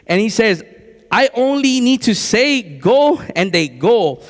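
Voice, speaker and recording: A man preaching a sermon in a church, talking in an excited, conversational way and repeating his phrases. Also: high-pitched, slow, big-room sound. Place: church sanctuary.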